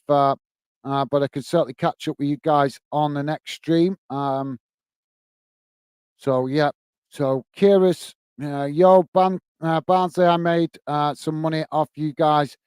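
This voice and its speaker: A man hosting a live stream, reading viewers' comments in a hurried, chummy way full of fillers, calling everyone mate. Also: fairly high pitch, a little mellow, smooth, dry recording. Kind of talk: casual live-stream chat.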